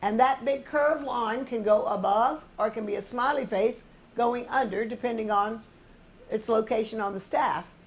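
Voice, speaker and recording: A woman's voice: on the high side, moderate pace, slight background noise. An older woman, a choir music director, patiently explaining musical phrasing to a singing class and humming short examples.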